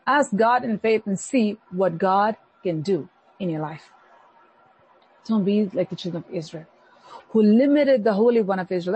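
A woman pastor preaching a sermon, animated, acting out the complaints of the people she preaches about. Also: fairly high pitch, husky, lo-fi sound.

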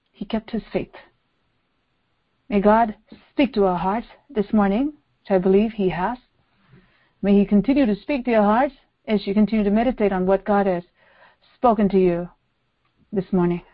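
A woman's voice: medium pitch, muffled recording. A woman preacher giving a sermon, emphatic, repeating phrases and posing rhetorical questions.

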